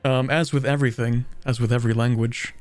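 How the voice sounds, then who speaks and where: A man's voice: medium pitch, steady tone, fairly quick, a little mellow, no echo, soft background music. Southern Ontario man chatting while gaming. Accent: Canadian (southern Ontario). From southern Ontario, Canada. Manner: chatty, self-deprecating, thinks aloud. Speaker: game streamer. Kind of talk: casual gameplay commentary, reading chat.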